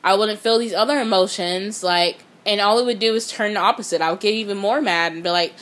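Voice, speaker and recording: A woman's voice: medium pitch, fairly quick, a bit bright. A woman giving a blunt, profane motivational talk, speaking straight to her viewers. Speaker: motivational vlogger.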